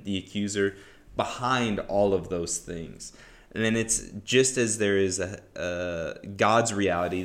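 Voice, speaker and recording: A man hosting a podcast, explaining a Bible story in a casual teaching style, with frequent "right?" and "um" fillers. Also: deep voice. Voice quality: relaxed, conversational, lots of "right?" and "um".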